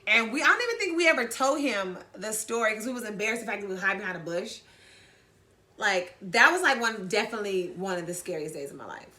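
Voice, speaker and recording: A woman's voice: mid-range voice, expressive, fast, sharp tone. A woman co-hosting a casual chat, a parent who chimes in with reactions and questions. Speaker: co-host, parent.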